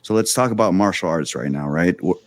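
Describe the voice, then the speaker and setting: A man's voice: low voice, animated, fairly quick, dry recording. A man hosting a podcast, mostly listening with short replies, then speaking at length in a thoughtful way. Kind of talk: casual podcast conversation.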